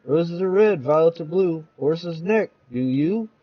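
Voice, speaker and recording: A man's voice: fairly high pitch, animated, unhurried, no echo, muffled recording. A man voicing a brash young male catcaller with wheedling slang.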